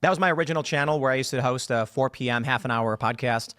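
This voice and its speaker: Man, mid pitch, hesitant explainer with restarts, dry recording. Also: a bit bright, smooth, no echo. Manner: halting, many fillers and restarts. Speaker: podcaster being interviewed. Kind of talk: explanatory statement in a played clip.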